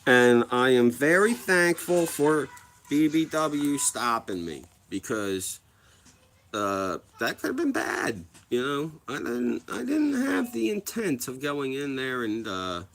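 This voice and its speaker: A man's voice: mid-range voice, sing-song, takes it slowly, a bit bright, a little hiss or hum. A man in his thirties hosting a casual livestream, telling a story in a rambling way with many restarts and frequent swearing. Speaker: livestream host.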